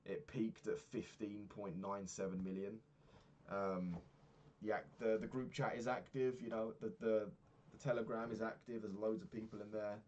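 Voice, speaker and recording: A man's voice: on the low side, fairly even intonation, moderate pace, darkish tone, highs cut off, a little hiss or hum. A man talking through his week in a casual diary vlog, rambling and swearing freely as he rants. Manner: rambling, profane ranting. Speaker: vlogger.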